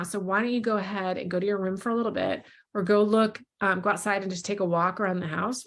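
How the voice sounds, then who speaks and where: A woman, a mother and parenting creator, giving casual advice in a calm, reassuring way and modeling gentle phrases to say to children, with frequent ums. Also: medium pitch, gravelly. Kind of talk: casual advice talk with role-played parent lines.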